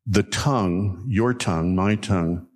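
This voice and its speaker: Man, low-pitched preacher; homespun storytelling, deliberate emphasis on key lines. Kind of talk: sermon.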